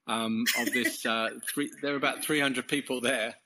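Speaking at a moderate pace, this English guest has a medium-pitched, bright, forceful voice with fairly even intonation. A Christian course leader, he gives a casual conversational testimony about his faith, rambling along with false starts and little laughs.

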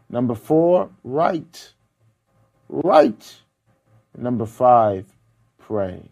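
Male preacher, mid-pitched voice, emphatic delivery that moves from loud to hushed, numbered points and scripture. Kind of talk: sermon.

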